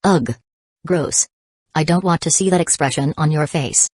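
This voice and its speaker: A woman's voice: deep voice, normal speed, a little mellow, slightly rough, no room sound, clean studio sound. A woman voicing a cheeky, teasing young woman who drinks hard, in an audiobook reading.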